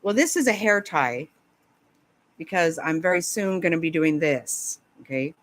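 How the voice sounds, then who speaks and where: A woman's voice: fairly low pitch, lively intonation, a little slow, no echo. A woman chatting casually with viewers on a live stream, laughing often, swearing and rambling in a flustered way.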